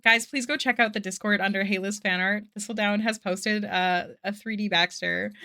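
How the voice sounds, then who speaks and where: A woman's voice: medium pitch, steady tone, moderate pace, hardly any pauses, pushed and bright, no echo, clean studio sound. A young woman chatting casually on a live art stream, bubbly and self-deprecating, gushing over fan art. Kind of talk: casual live-stream chat while drawing.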